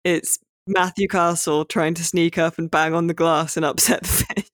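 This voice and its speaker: A man's voice: a little high, little pitch movement, normal speed, a bit bright, dry recording, clean studio sound. A man hosting a podcast in casual chat, rambling and hesitant with many fillers. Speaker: podcast host.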